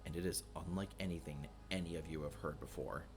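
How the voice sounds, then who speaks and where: A man with a very low voice runs a tabletop game as game master. He narrates scenes steadily, filling pauses with many ums and uhs. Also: loud music behind the voice. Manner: lots of filler words, steady descriptive narration.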